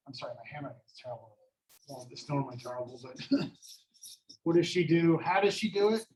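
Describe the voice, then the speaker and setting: A man's voice: fairly high pitch, animated, fairly quick, a little mellow, poor audio. A man teaching a class in a classroom, talking casually with many fillers and self-deprecating asides.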